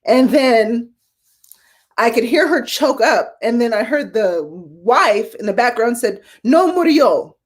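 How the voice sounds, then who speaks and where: A woman's voice: a little high, takes it slowly. A woman in her forties, a veteran nurse hosting a live-streamed talk show, speaking casually and growing emotional as she tells hospital stories. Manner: casual, addresses viewers as y'all.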